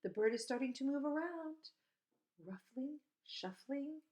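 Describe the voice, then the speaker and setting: A woman reads a bird picture book aloud to children, stopping to chat about the birds she sees near her outdoor school. Her pitch swings widely, and she leaps into high, bright bird calls, then falls to a quiet whisper for the still nesting bird. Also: expressive, a little slow, dull audio. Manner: shifts to hushed whisper for quiet parts.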